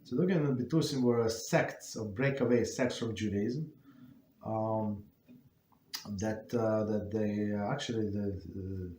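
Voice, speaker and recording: Man teaching, halting, in an echoey room. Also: fairly low pitch, warm tone, slight background noise. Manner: halting, many fillers and restarts. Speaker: rabbi teaching a class. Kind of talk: informal Torah class.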